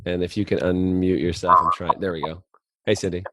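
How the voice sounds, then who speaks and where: Upbeat, low-voiced male coaching host. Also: level tone, fairly quick, bright, forceful tone, a little hiss or hum. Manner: upbeat, encouraging, inviting the audience. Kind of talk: hosting a group coaching call. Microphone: video call.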